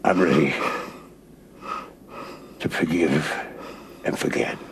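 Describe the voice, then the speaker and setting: An actor playing a stubborn older Irishman, slow and reflective in a scripted drama. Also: a bass voice, fairly even intonation, background noise, full character voice. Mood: rueful. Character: stubborn Irish older man grieving his brother.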